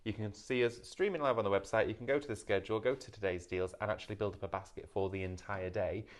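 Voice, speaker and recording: A man's voice: fairly low pitch, fairly even intonation, quick pace. A man hosting a live craft shopping show, in an upbeat, salesy patter.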